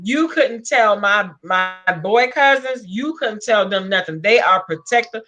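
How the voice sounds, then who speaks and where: A woman's voice: medium pitch, unhurried, bright, forceful tone. Emphatic Southern woman chatting. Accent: Southern American. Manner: emphatic, repeats her points. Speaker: vlog guest. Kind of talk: casual chat.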